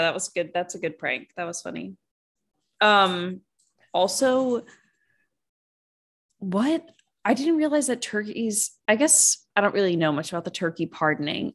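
A woman's voice: fairly low pitch, moderate pace. Chatty, amused woman podcast co-host. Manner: amused, chatty, laughs often. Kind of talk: casual chat.

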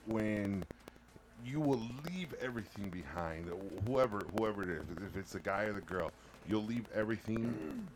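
A man co-hosting a casual podcast, playful and quick to laugh, stumbling and restarting as he talks, switching into now and then. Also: deep voice, noisy background. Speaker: podcast co-host. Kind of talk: casual banter.

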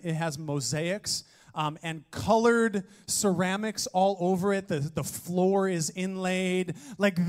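A man preaching a sermon, energetic and joking, with playful asides to his congregation. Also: high voice. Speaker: pastor.

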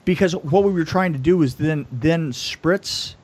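Jokey man with a higher voice, animated storyteller on a casual podcast. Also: a little slow. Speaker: podcast co-host, film effects veteran.

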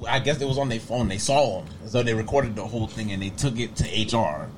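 A man's voice: on the low side, fast, background noise. A man on a casual podcast, telling a rambling story about his workplace. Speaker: podcast co-host.

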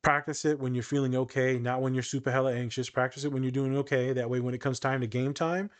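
Young guy on a podcast, jokey and animated, cusses a lot, does silly voices in his stories. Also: mid-range voice, quick pace. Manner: animated, joking, swears freely, does voices when telling stories. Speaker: podcast co-host, therapist and meditation teacher. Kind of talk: casual podcast chat.

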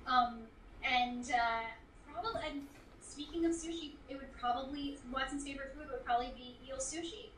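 Woman, high voice, enthusiastic, gushing, echoey room, off-mic. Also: fairly even intonation, normal speed, fairly bright tone, distant mic, slight background noise. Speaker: voice actress, guest. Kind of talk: casual interview chat.

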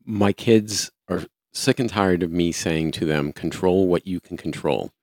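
Older guy in his 60s, really low voice, straight-talking, dry mic. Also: fairly even intonation, measured pace, darkish tone, dry recording. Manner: plain-spoken, practical. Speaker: podcast co-host. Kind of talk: casual chat.

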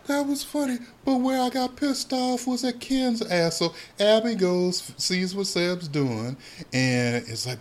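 A man co-hosting a podcast, chatting casually about a soap opera, animated and swearing freely as he acts out the characters' lines. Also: high voice, normal speed. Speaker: podcast co-host.

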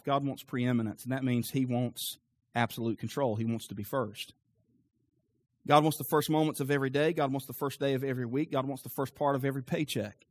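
A man's voice: medium pitch, dry recording. Emphatic preaching man, dry sound. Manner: emphatic, rising preaching cadence; quieter prayer. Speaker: pastor. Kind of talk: sermon.

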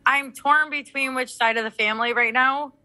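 Woman, bright clear voice, short hesitant answers, faint music behind. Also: sits high, steady tone, moderate pace. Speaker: person receiving the reading.

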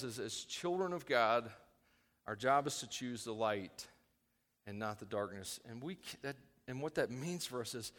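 A man preaching a sermon as a pastor, swinging from loud emphatic points to quiet asides. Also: mid-range voice, big-room sound.

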